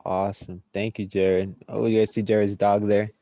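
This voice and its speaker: Man, call host. Low, dark, dry voice, brief upbeat cues. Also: flat delivery, moderate pace, no echo. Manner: brief upbeat cueing of the next presenter. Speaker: program host. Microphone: video call.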